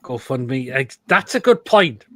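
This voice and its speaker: A man at a middle pitch, running a live football stream and judging food pictures. He talks in crude, blunt one-liners and breaks into loud outbursts now and then. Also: very animated, unhurried, no room sound. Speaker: host of a live football show. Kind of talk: live-stream chat reacting to food pictures and reading comments.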